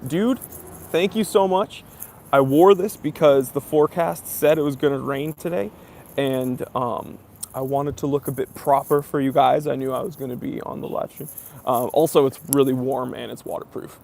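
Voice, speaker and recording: A man's voice: mid-range voice, fairly even intonation, normal speed, gravelly, a little mellow, a little hiss or hum. A young man hosting a casual live stream Q&A, reading viewer comments aloud and chatting with lots of fillers. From near New York.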